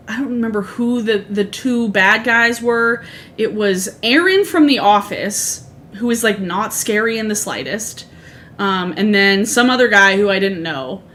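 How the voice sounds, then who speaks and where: A woman's voice: mid-range voice, a bit bright, slight background noise. A woman in her thirties chatting casually on a livestream, rambling through asides and swearing freely. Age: 30s. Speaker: streamer. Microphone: streaming microphone.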